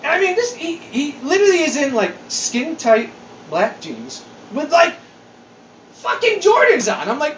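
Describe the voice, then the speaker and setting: A man in his forties rants in casual chat, profane and exasperated. His pitch swings all over the place. The room around him sounds roomy and echoey. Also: huge pitch swings, unhurried, a bit bright.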